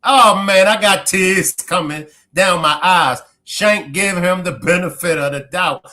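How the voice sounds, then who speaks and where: A man's voice: high-pitched, measured pace, sharp tone. A man streaming live, reacting to a clip, who keeps laughing, exclaiming and breaking off mid-sentence.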